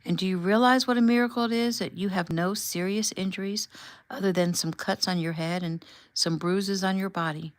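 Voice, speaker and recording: A woman reading the lines of a tender, reassuring husband in a gentle, soothing way. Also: mid-range voice, steady tone, moderate pace, no echo, lightly acted.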